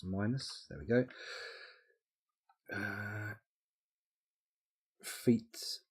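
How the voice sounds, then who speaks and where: A young man streams a game from home, talking half to himself as he works through menus and drifts into relaxed asides. His voice sits on the low side and has a breathy, husky grain, picked up close on a desk microphone. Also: drawn-out words. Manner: thinking aloud, muttering menu items, easygoing asides. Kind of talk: casual live-stream commentary while playing.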